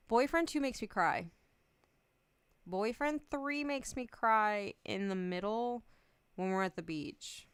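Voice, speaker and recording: A woman's voice: medium pitch, expressive, slow pace, smooth, dry recording. A young adult woman streamer chatting casually, rambling, giggling often and swearing freely. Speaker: VTuber streamer.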